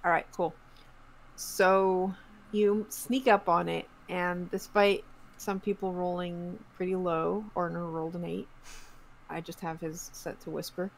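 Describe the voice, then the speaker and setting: A woman game master narrating a tabletop game in a relaxed, descriptive, chatty way. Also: fairly low pitch, a little slow, gravelly, slight background noise, low-quality recording.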